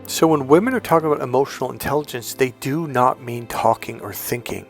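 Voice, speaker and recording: A man talking as a dating coach, emphatic, moving between loud punchy bursts and slow, soft, drawn-out passages. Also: medium pitch, vocal fry, soft background music. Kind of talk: coaching monologue.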